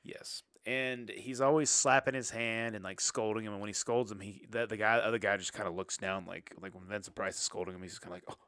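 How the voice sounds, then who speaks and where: This is a young man with a low voice, chatting loosely about a movie on a podcast. He rambles, restarts and swears freely. The sound is dry and close, with no room around it. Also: fairly even intonation, brisk, hardly any pauses, a bit bright, no room sound. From Southern US. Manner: rambling, lots of filler and restarts, swears casually. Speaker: podcast co-host. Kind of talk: casual movie chat.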